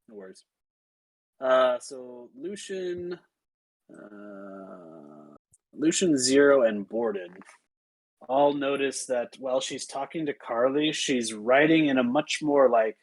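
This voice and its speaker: A man's voice: mid-range voice, low-quality recording. A man narrating as game master, in a casual way with many fillers.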